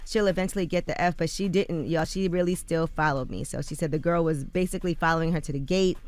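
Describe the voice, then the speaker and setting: A woman's voice: low-pitched, fairly even intonation, quick pace, a little mellow. Woman reading radio rumor news. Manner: chatty, reads quotes aloud with loose fillers. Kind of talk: radio morning show news read. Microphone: studio microphone.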